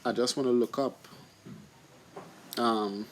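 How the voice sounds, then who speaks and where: A man's voice: medium pitch, steady tone, slow pace, a little hiss or hum. A man giving an informal scripture study talk, often asking and answering his own questions and stumbling over repeated words. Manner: stumbling restarts and fillers. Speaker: scripture teacher.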